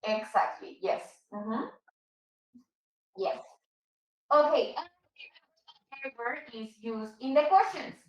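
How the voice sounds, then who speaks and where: Female teacher, high voice, patient and slow with examples, echoey room. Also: far from the mic, muffled recording. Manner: patient, repeats and explains slowly, switches into Spanish. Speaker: English teacher. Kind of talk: online English class for Spanish speakers.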